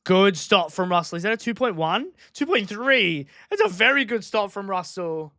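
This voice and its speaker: A man's voice: high voice, lively intonation, moderate pace, sharp tone, no room sound, studio quality. A man streaming a live race watchalong from a home desk microphone, chatting casually and repeating himself as he reacts to each moment.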